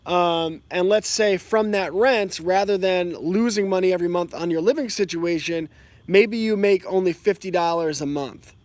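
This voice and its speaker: A man's voice: high-pitched, normal speed, darkish tone, no room sound. A young man, an educator, talking frankly and giving his opinions while explaining ideas with examples. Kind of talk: casual commentary.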